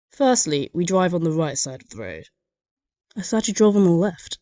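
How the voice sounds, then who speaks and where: A woman's voice: lowish voice, expressive, normal speed, warm tone, dry recording. A woman giving scripted comedic narration in a dry, sardonic manner.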